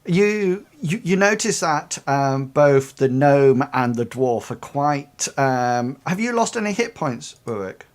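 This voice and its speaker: Man narrating a tabletop game as game master, slow and halting. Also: medium pitch, lively intonation. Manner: hesitant, many ums and restarts.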